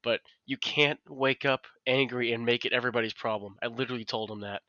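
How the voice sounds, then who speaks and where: A man chatting on a podcast, his voice bright and forward, heard close and dry. He tells his stories with animated energy and curses casually. The sound is a little dull and lo-fi. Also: medium pitch, brisk, dry recording. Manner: animated storytelling, swearing freely. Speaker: podcast co-host. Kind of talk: casual chat.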